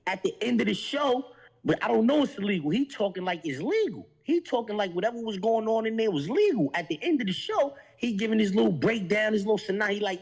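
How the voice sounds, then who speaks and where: A man's voice: high voice, sing-song, quick pace, gravelly, husky, poor audio. A man on a podcast, talking in heated, emphatic street slang. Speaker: podcast guest. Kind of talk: heated casual talk.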